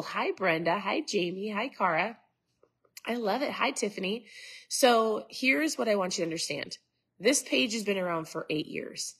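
A middle-aged woman from Minnesota hosts a live stream in a low, husky voice. She sounds a little stuffed up and chats loosely with her viewers, greeting them by name between rambling asides. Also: fairly bright tone. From Minnesota, USA. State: stuffed-up nose. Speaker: host.

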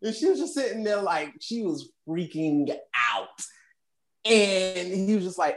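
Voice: medium pitch, measured pace. A podcast co-host casually recapping a movie, acting out lines with laughter and swearing freely. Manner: animated, laughing storyteller who acts out quotes; casual cursing.

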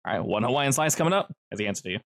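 A man's voice: medium pitch, animated, very fast, fairly bright tone. A man running a tabletop game as game master, describing scenes in a loose, descriptive way with restarts.

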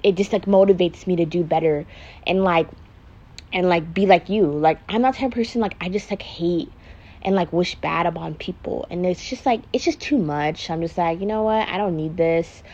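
A young woman vents on her podcast in loose, confessional chat, swearing freely and leaning on "like" at every turn. Her voice sits a little low, and the recording is dull and lo-fi. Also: normal speed, darkish tone. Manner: frank and profane, heavy use of "like". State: pregnant, emotional. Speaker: vlogger doing a makeup podcast.

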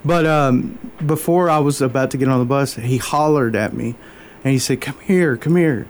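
A man as an interview guest, telling a personal faith story in an earnest, halting way, openly moved. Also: medium pitch, steady tone, slight background noise. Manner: earnest, halting, many fillers and restarts.

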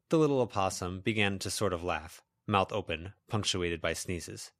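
A male narrator with a low voice, reading a fan-made audiobook at a steady pace. He gives small upward lifts to the heroine's inner questions. The recording is close and dry. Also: normal speed, few pauses, no room sound.

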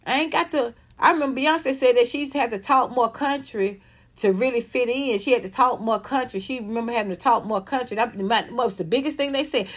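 Fifties woman venting on camera, kinda high pitched, cussing, stumbling and repeating herself. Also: a little fast. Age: 50s. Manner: emphatic, profane, repeats herself. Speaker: vlogger. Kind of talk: ranting monologue.

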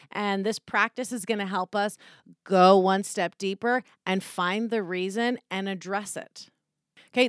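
Casting note: frank, foul-mouthed woman hosting a self-help podcast, mid-pitched, close and dry. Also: no echo. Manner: candid, profane, animated, acts out quoted voices. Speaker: podcast host. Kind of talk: casual self-help talk.

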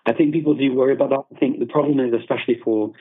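A British man, a polyglot guest on a conversational interview, explains his views thoughtfully, often restarting sentences. His husky, medium-pitched voice races along with fairly even intonation, heard over phone-like remote call audio.

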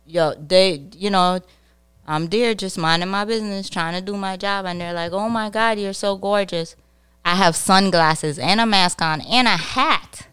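A woman's voice: on the low side, moderate pace, fairly bright tone, clear, resonant tone. A young woman co-hosting a casual podcast, telling stories with lots of giggling and animation. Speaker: podcast co-host.

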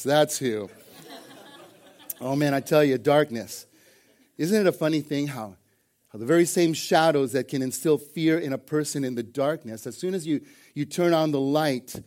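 Man, pastor, middle-aged, sermon, folksy storyteller, slightly high voice. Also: darkish tone. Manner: folksy storytelling with jokes, repeated starts and "man". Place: church service before a congregation.

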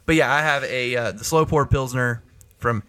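A man's voice: medium pitch, normal speed, a bit bright, clean tone, no echo. A man co-hosting a casual beer podcast, rambling and correcting himself as he talks. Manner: rambling, self-correcting, chuckling. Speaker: podcast co-host. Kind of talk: casual chat.

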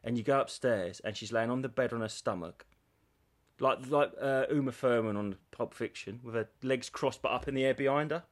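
A man's voice: mid-range voice, moderate pace. A man co-hosting a podcast, telling crude stories in casual chat and acting out other people's voices. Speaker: podcast co-host.

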